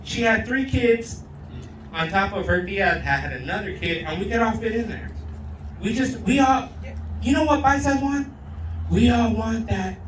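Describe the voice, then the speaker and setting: A male comedian doing a crude, rowdy stand-up set, slipping into Spanish and loud put-on voices. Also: high voice, noisy background. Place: outdoor backyard show. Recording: roomy sound from a distant mic.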